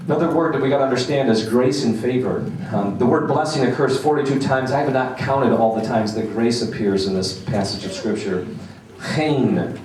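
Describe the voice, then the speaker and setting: A man's voice: lowish voice, a little mellow, slight background noise. A man giving a sermon, telling a personal story and acting out the voices of its people. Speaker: speaker. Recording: echoey room, voice from some distance.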